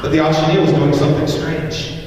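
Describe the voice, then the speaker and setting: A man's voice: on the high side, little pitch movement, fairly quick, darkish tone, natural voice. An actor playing a devoted elderly male family caretaker, telling a story with scorn for greedy bidders. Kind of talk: dramatic monologue. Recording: echoey hall from far off, faint ambience.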